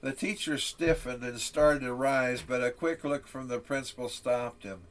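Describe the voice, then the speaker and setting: A man's voice: mid-range voice, normal speed, a bit bright. A male preacher telling a solemn story, then delivering a sermon.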